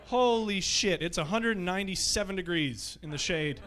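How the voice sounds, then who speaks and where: A man working through a stand-up set at a comedy club, his voice bright and a touch higher than most men's. He rambles loosely through his stories and swears freely. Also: moderate pace, a faint crowd. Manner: loose, profane, rambling storytelling.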